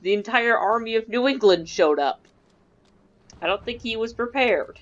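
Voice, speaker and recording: Playing a strategy game, a woman who makes gaming videos rambles casually and pokes fun at herself. Her fairly high voice is expressive and moves at normal speed, captured on a dull lo-fi mic.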